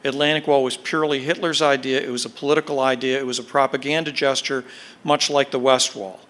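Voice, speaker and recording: Man, history lecture, bright forward voice, measured explanatory delivery, emphatic stresses, podcast talk. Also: medium pitch, level tone. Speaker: guest speaker, military historian. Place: lecture audience.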